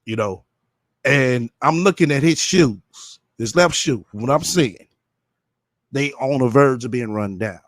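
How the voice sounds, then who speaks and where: A man's voice: medium pitch, expressive, unhurried, no echo, clean studio sound. A man doing casual reaction commentary, talking bluntly and with profanity straight to his viewers. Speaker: commentary streamer.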